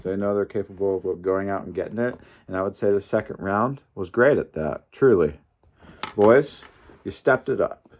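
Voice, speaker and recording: A young man recapping a wrestling tournament in a casual vlog, animated and opinionated, with some mild swearing. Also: fairly low pitch. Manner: animated, opinionated, mildly profane. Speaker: wrestling fan commentator.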